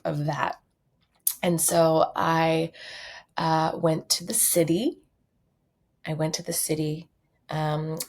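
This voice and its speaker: A woman's voice: sits low, vocal fry, a little mellow. A young woman from Canada hosting a solo podcast, talking candidly and reflectively with frequent fillers. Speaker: podcast host.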